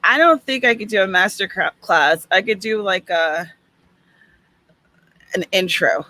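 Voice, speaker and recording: A woman's voice: medium pitch, animated, unhurried, bright, forceful tone, rough recording. A woman hosting a writing livestream, chatting casually and reading comments aloud with small asides. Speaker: host.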